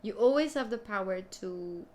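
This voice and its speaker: A woman's voice: mid-range voice, expressive, normal speed, darkish tone. A woman giving a casual, chatty tarot reading, talking informally and often saying "you know". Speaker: tarot reader.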